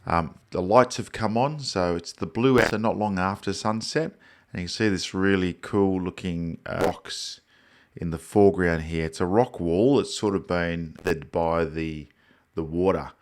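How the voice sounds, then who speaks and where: On a live photography show, an Australian man casually reviews viewer photos in a relaxed, rambling way full of fillers. His voice is low and a little slow, and he sounds slightly congested.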